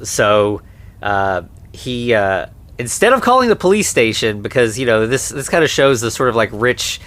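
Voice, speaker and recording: A man's voice: medium pitch, sing-song, normal speed, a bit bright. A man co-hosting a podcast, casually recapping an old movie with lots of "like" and "you know.". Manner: rambling, heavy on fillers like "like" and "you know". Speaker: podcast co-host.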